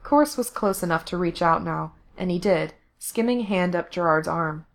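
A woman narrating fan fiction aloud in an even, steady reading voice. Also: on the low side, moderate pace.

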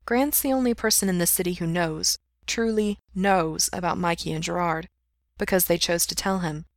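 Rich: A woman reading fiction aloud in a steady, plain way. Her voice sits on the low side. The recording is dry and close. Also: normal speed, no room sound. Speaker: reader. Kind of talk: audiobook narration of fiction.

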